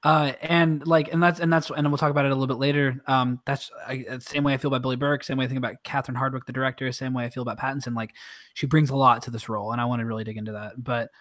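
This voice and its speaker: A podcast co-host in a mid-range voice rambles through a retelling, swearing and slipping into quick mimicked voices. The recording is dry and close, with no room sound. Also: medium pitch, fairly even intonation, a bit bright, dry recording. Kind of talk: casual chat.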